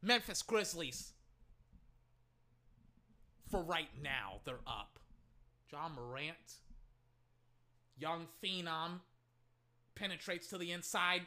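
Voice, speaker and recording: A fan doing casual play-by-play commentary on his own microphone, excitable and quick to rant and swear at players and referees. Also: mid-range voice.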